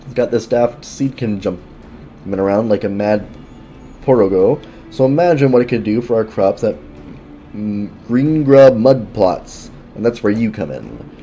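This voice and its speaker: Dude reading a chatty folksy villager from a game, deep dark voice. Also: male voice, lively intonation, measured pace, a little hiss or hum. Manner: plain reading with slips.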